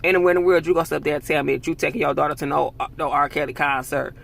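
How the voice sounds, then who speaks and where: Angry profane man ranting, gravelly voice. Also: on the high side, flat delivery, racing, fairly bright tone. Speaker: vlogger. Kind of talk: heated commentary monologue.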